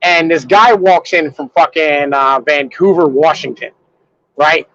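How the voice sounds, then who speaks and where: A man's voice: a little high, unhurried, fairly bright tone. A man co-hosting a podcast in rambling, profanity-heavy casual banter over a remote call. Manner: rambling, heavy swearing and fillers. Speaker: podcast co-host. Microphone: remote call connection that drops out. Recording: muffled dry remote call audio.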